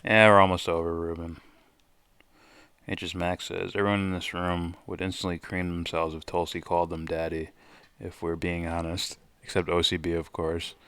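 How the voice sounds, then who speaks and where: A man's voice: sits low, level tone, normal speed, smooth, dry recording. A man hosting a live stream, casually reacting and reading viewer comments aloud with loose, profane asides. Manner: loose, profane, thinking out loud.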